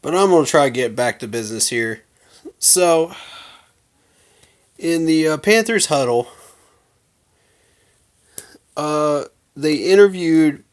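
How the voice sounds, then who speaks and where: A man hosting a fan channel, giving a heated, emphatic rant full of slang to his viewers. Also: a little high. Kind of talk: casual fan rant to camera.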